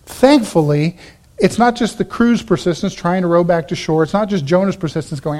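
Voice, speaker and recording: A man pastor preaching a sermon, animated, acting out the Bible characters in quick asides. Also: high voice.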